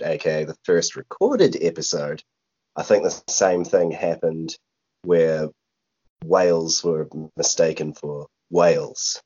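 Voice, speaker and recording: A man with a very low voice chats as a guest player on a podcast. He is wry and pokes fun at himself. The recording sounds dull and lo-fi. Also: a little mellow, slightly rough. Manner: wry, self-mocking. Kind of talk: casual podcast chat.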